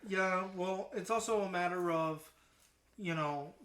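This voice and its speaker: A man co-hosting a casual podcast, cracking dark jokes in a deadpan way. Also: high-pitched, measured pace. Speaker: podcast co-host. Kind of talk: casual chat. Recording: echoey room.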